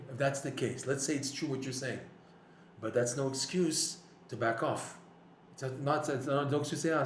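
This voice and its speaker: Guy giving an excited torah class, acts out the quotes, echoey room, bit of hiss. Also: medium pitch. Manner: storytelling, acts out quotes, rising emphatic bursts. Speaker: Torah teacher. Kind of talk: animated religious lecture. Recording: echoey room with faint noise.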